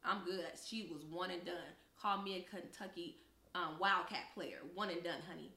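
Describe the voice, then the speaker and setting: Young woman, podcast co-host, lively storyteller, bright voice with some fry, echoey room. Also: on the low side, normal speed. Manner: animated storyteller, acts out quoted voices. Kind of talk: casual storytelling chat.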